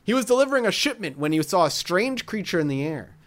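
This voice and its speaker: Lively man reading a strange story. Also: high-pitched, fast. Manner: jokey, reads quotes with asides. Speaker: podcast host. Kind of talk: casual chat, reading a story aloud.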